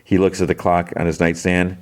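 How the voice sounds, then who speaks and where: A man's voice: low-pitched, completely flat delivery, a little fast. A man hosting a podcast, casually retelling a TV episode in a rambling way full of fillers. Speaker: podcast host.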